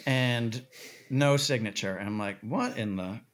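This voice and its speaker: Guest spot: male storyteller, mid-pitch, animated, swears freely. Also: unhurried. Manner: animated, swearing, acts out quoted voices. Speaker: podcast guest. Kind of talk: casual storytelling.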